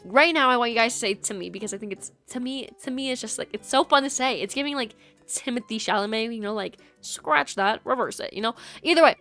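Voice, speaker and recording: A woman's voice: a little high, animated, quick pace, pushed and bright, faint music behind. A woman streaming a video game, chatting casually in a giggly, rambling, playful way into a USB microphone at home. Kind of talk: casual gameplay chat.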